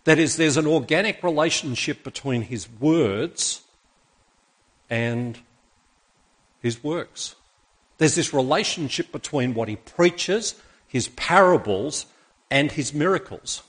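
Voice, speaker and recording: Man, preacher, husky voice, sermon in church, reads scripture, asks rhetorical questions. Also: fairly high pitch, animated, slow, long pauses, a bit bright. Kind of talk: sermon with Bible reading.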